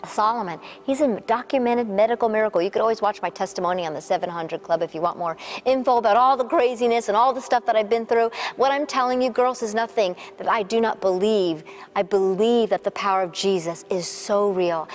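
A woman pastor in full sermon mode, her middle-pitched voice swelling into fervent, repeated declarations. She prays over her listeners and then drops to gentle, coaxing asides spoken right to them. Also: a little fast. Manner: fervent preaching with rising, emphatic repetitions; soft, coaxing asides addressing listeners directly. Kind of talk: sermon and prayer to a women's online gathering. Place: recorded remotely, not in person with the audience.

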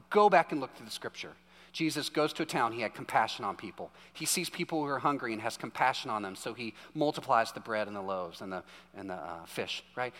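A man's voice: medium pitch, fairly bright tone. A man in his thirties preaching a sermon in a chatty storytelling way, often checking in with "right?". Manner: conversational storytelling, keeps asking "right?". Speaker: pastor. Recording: long hall reverb.

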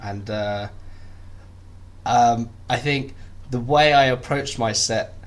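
A man's voice: mid-range voice, slow pace. A young man chatting as a podcast guest, self-deprecating and full of restarts. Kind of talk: casual interview chat.

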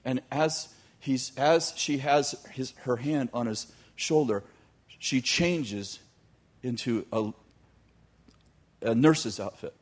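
A man telling a long story in a sermon, animated, with joking asides to his audience. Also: medium pitch, takes it slowly. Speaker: youth teacher.

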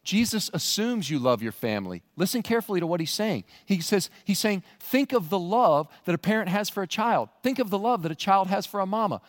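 A male pastor preaching a sermon in a church, animated and rising to near-shouts for emphasis. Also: high voice, moderate pace, big-room sound. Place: church sanctuary.

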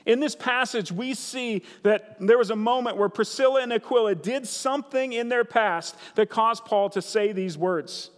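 A man's voice: sits high, moderate pace, hardly any pauses. A man preaching a sermon as pastor, earnest and conversational, repeating key phrases for emphasis. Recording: reverberant hall sound.

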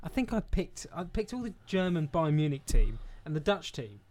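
A man's voice: fairly high pitch, sing-song, normal speed, darkish tone, dry recording. A man in casual football chat, teasing the others.

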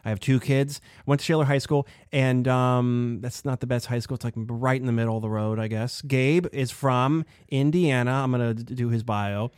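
A man's voice: medium pitch, steady tone, moderate pace, few pauses, darkish tone, clean tone, dry recording, studio quality. A middle-aged man from the Pittsburgh area hosting a podcast, chatting casually and rambling in a self-deprecating way with fillers. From Pittsburgh area, USA. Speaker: podcast host.

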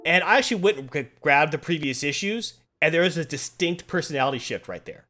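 A man's voice: on the high side, animated, fast talker, sharp tone. A man hosting a casual chat, retelling a comic plot and acting out the quotes as he goes. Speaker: podcast host.

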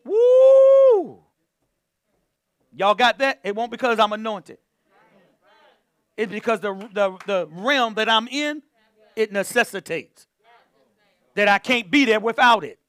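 A man's voice: sits high, measured pace, pauses often, pushed and bright, no echo. A man preaching a sermon to a church, repeating phrases and calling on the congregation to answer back. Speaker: pastor.

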